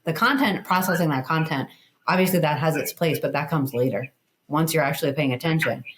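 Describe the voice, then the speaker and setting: Low-voiced woman guest, chatty and emphatic, says like a lot, slight background hiss. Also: a little fast, rough recording. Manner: animated, emphatic explainer, frequent "like". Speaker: guest, communication educator. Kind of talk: casual conversational interview.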